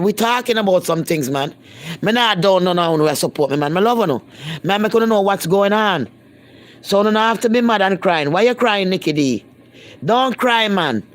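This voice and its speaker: A Jamaican woman talking bluntly to viewers in a casual live-stream chat, speaking in patois and repeating herself for emphasis. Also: mid-range voice. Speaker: vlogger.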